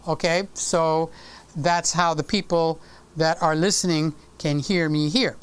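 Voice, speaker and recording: A man's voice: on the high side, steady tone, unhurried, clean tone. A man hosting a casual live stream with a sore throat, chatty and teasing, talking into a desk microphone. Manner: chatty, teasing and affectionate with viewers.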